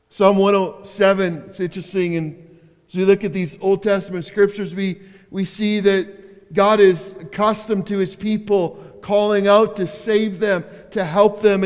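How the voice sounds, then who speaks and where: A man preaching a sermon as pastor, swinging between loud calls and hushed asides, often repeating words. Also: sits high, smooth, in a large hall.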